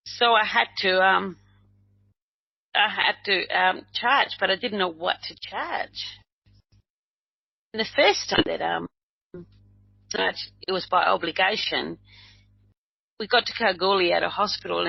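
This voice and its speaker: A woman's voice: on the low side, gravelly, slightly rough, no room sound. An older woman from Uruguay, a medium and healer, telling a personal story in a rambling way, with many restarts. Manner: rambling, acts out quoted dialogue, many restarts. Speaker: medium and healer, interview guest. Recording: dull lo-fi recording.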